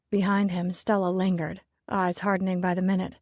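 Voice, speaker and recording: Low-voiced woman reading a romance audiobook. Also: little pitch movement, moderate pace, few pauses, darkish tone, no room sound, studio quality. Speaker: audiobook narrator. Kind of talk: first-person audiobook narration.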